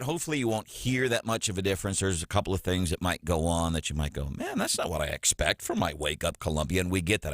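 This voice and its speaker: A man hosting a morning radio show in a studio, talking in a chatty, animated way and laughing often. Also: deep voice, no room sound.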